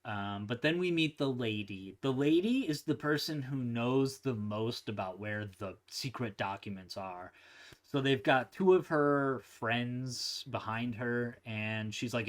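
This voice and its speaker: A man's voice: mid-range voice, measured pace. Chatty man recapping a kung fu movie. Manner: animated, laughs, acts out quotes in silly voices. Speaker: movie review host. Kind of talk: casual film recap.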